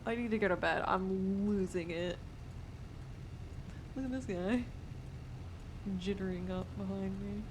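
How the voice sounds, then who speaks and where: A woman's voice: medium pitch, unhurried, long pauses, background noise. A young woman streaming a roleplay game, chatting casually in a laid-back, profane way, and sounding sleepy and worn out. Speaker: livestreamer playing a roleplay game.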